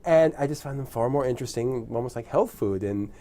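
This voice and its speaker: A man's voice: mid-range voice, brisk, warm tone. A man in a casual chat as a guest, rambling from topic to topic and laughing often.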